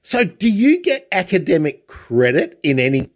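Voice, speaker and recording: A man's voice: high voice, huge pitch swings, normal speed. An older man hosting a podcast, asking questions in a friendly, conversational way. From Australia. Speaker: podcast host. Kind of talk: casual interview talk.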